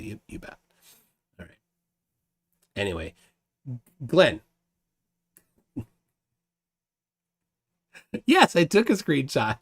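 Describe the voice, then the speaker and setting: A man hosting a casual livestream, reading viewer comments aloud, often stammering and repeating words. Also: on the low side. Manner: halting, stammering repeats, chuckles between thoughts. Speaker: livestream host.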